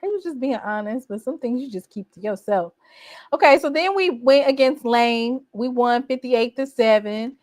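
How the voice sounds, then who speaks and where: A woman recapping her team's college football season in a casual, boastful, teasing way, with animated exclamations. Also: on the high side, moderate pace, no echo. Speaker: college football fan vlogger. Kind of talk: casual trash-talking recap.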